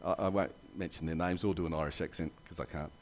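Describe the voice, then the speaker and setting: A man preaching a sermon in a church, telling jokes and stories with lively asides. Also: low voice, quick pace. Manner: animated storytelling with jokes and asides. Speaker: pastor.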